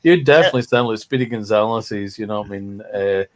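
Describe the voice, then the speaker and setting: A man's voice: fairly low pitch, fast. A man, a guest in a casual chat, teasing and bantering. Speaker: stream guest.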